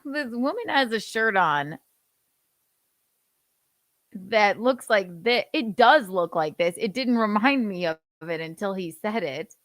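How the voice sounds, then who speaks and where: A woman's voice: medium pitch, animated, takes it slowly, fairly bright tone, no room sound. Woman host, sarcastic chatty commentary, mid voice, dead-dry close mic. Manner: sarcastic, swearing, laughing asides. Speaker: livestream host. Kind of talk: casual commentary chat.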